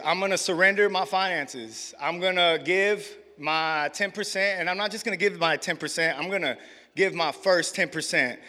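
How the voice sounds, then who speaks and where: A young man giving a casual, slangy testimony to a church congregation. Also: on the high side. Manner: casual, slangy storytelling with growing excitement. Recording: echoey hall with long reverb.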